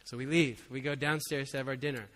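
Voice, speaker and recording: Bright-voiced pastor in a reverberant hall. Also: male voice, mid-range voice, steady tone, fast talker. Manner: conversational, chuckling, frequent "you know". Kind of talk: sermon with personal story.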